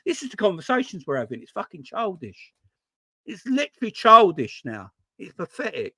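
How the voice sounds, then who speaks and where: A man hosting a football fan channel, talking in an excitable, exasperated rant with plenty of swearing. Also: high-pitched, moderate pace, breathy edge, no room sound, clean studio sound. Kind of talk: ranting casual vlog talk.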